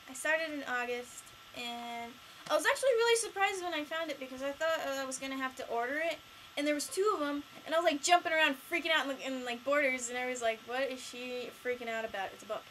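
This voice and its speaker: A teenage girl chatting casually in a home vlog, rambling and excitable with lots of fillers. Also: sits high, a little hiss or hum, poor audio. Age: late teens. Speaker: vlogger.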